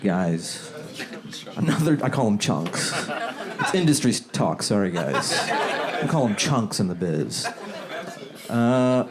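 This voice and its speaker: A man from the Seattle area doing stand-up, loose and chuckling, slipping into quick character voices. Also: on the low side. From Seattle area, USA. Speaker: stand-up comedian. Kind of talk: stand-up set, working on new material. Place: comedy club with a laughing audience. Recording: live club audience audible.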